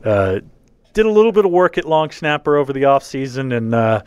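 This sports podcast host has a smooth, mid-range voice with big pitch swings, captured in a dry recording. He talks casually and haltingly, restarting often and leaning on fillers.

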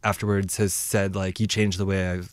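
In a dry recording, an American man with a low-sitting voice recounts his travels at a moderate pace and in a level tone. He rambles casually, using many fillers and acting out dialogue as he shares his stories.

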